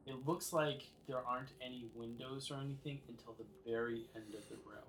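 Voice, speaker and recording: A man's voice: medium pitch, fairly quick, a bit bright, a little hiss or hum, low-quality recording. A man narrating as game master of a tabletop game, in a loose style full of "like" fillers.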